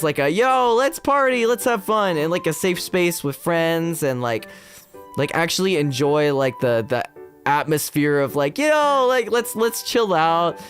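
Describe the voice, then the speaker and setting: A young man chatting on his stream, his pitch jumping all over as he rambles through stories full of fillers. Faint music plays behind him. He talks straight into a desk mic at home. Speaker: VTuber streamer. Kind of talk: casual chat stream.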